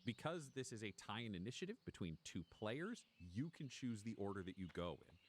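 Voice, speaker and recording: A man's voice: on the low side, big pitch swings, moderate pace, slight background noise. A man narrating a tabletop role-playing game as game master, with vivid, descriptive storytelling.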